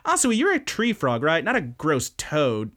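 A man voicing a bubbly, curious teenage anime schoolgirl who fires off rapid questions. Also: fairly high pitch, huge pitch swings, fairly bright tone, pitched above the performer's own voice. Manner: chirpy rapid-fire questions.

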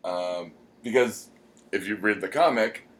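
A man with a somewhat low voice talks casually as a podcast co-host. He rambles, pausing often with ums as he gathers his thoughts. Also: a bit bright. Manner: rambling, many "um" pauses. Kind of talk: casual chat.

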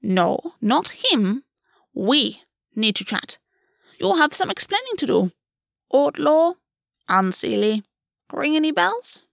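Female narrator doing a high, sing-song fae bird-queen, teasing and crude, storybook reading, dry sound. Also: sing-song, takes it slowly, creaky, long pauses, no room sound, full character voice. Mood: playful menace. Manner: mocking yet warm, swears freely.

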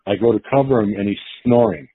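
A man's voice: lowish voice, quick pace, slightly rough, dry recording. A man casually telling a long story, acting out the quotes of the people in it, with many restarts. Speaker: guest storyteller. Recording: tinny phone-like line.

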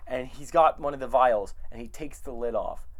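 A man's voice: mid-range voice, moderate pace. A man casually recapping a TV episode, acting out the characters' lines as he goes. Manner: animated retelling, acting out lines. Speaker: podcast co-host.

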